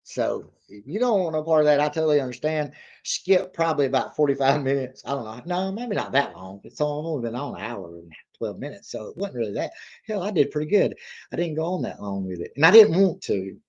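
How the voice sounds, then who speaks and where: A man's voice: medium pitch, big pitch swings, brisk, darkish tone. Guy rambling on his livestream, folksy, laughs a lot, kinda dull lo-fi sound. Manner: rambling, folksy, laughs often, reads chat aloud. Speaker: livestream reaction host. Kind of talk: casual livestream chat.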